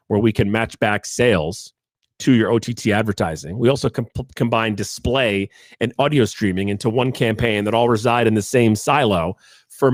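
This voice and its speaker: A man hosting his podcast alone, swinging his pitch up and down as he rambles through jokey asides. The sound is close and dry, with no room around him. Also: no echo. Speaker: podcast host. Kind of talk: casual monologue.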